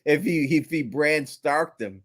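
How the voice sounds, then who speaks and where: A man's voice: on the high side, lively intonation, a little slow, a bit bright. A man co-hosting a casual show recap, laughing often, swearing and mimicking characters. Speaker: podcast co-host.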